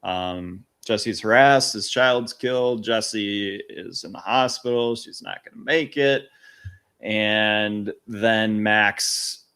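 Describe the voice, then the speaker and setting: Man, low voice, casual podcast co-host talking through a movie loosely. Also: slow pace, clear, resonant tone. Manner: relaxed recapping with frequent fillers. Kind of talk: casual film discussion podcast.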